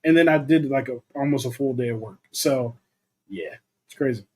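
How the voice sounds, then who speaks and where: A man's voice: medium pitch, a little fast, warm tone. A young man co-hosting a casual livestream about movies, chatting loosely and reading viewer comments aloud. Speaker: co-host of a movie talk livestream.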